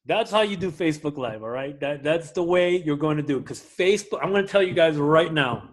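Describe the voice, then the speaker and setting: A man teaching a live class to a room of people, energetic and often checking that everyone is following. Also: fairly quick. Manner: energetic, swings loud and high when excited; asks the room for agreement. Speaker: class instructor.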